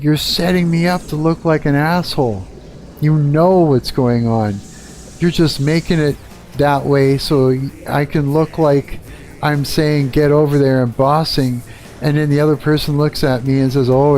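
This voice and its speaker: A middle-aged Canadian guitarist hosts a live stream, ranting casually, speaking bluntly and swearing a lot. His voice sits on the high side and sounds a little mellow.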